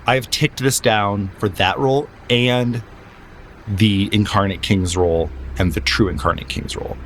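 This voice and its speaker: A man narrating a tabletop game as game master, describing scenes slowly and dramatically with pauses, then explaining rules. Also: on the low side, steady tone, a bit bright, a little hiss or hum.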